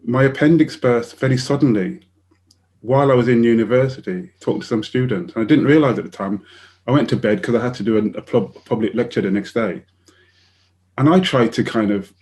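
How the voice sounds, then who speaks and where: Older man telling stories animatedly. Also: mid-range voice. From United Kingdom. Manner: animated storyteller who acts out quoted voices and laughs often. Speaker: guest author. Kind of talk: storytelling in a conversation.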